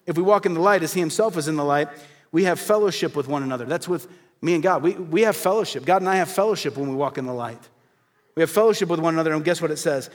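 Man, pastor, sermon, high-pitched, earnest, direct, rhetorical questions. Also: fast.

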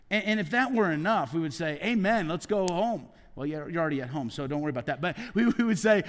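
A man in his forties preaching a heartfelt sermon, often dropping to soft, hushed tones for emphasis. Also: fairly high pitch, lively intonation, a little fast, in a large hall. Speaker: pastor. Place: church sanctuary.

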